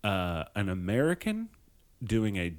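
A man hosting a podcast, chatting casually and joking crudely, swearing often. His sentences stop and restart as he reads and riffs. His pitch moves around a lot. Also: huge pitch swings, measured pace. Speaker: podcast host. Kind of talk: casual chat.

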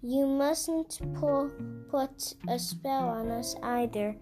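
A woman's voice: sits high, takes it slowly, music in the background. A woman reading a boastful young Roman boy.

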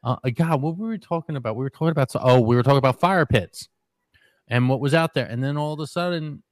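A man's voice: mid-range voice, no room sound. Man in dry, close casual chat. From New Jersey. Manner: chatty, agreeable, quick back-channel replies. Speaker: podcast co-host.

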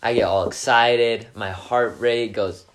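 A teenage boy, a high school quarterback, answering interview questions in an earnest, upbeat way. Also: unhurried. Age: teens. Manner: earnest and upbeat, gets animated. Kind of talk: casual interview chat.

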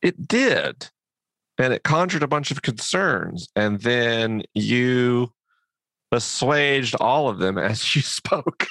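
A man's voice: mid-range voice, fairly bright tone, dry recording. A man as a podcast guest, explaining thoughtfully, with asides. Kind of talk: reflective conversation.

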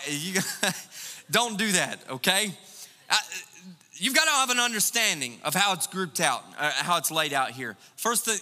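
A man preaching a sermon as pastor, animated and full of rhetorical questions. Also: fairly high pitch, long reverb tail.

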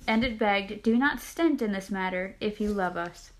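A woman's voice: mid-range voice, normal speed, slight background noise. A woman casually reading a novel aloud with chatty asides. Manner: chatty, laughing asides between passages.

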